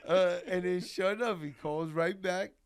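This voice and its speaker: A man telling an animated story as a podcast guest, laughing often and acting out quotes. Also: high-pitched, moderate pace, a crowd in the background. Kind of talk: casual storytelling chat.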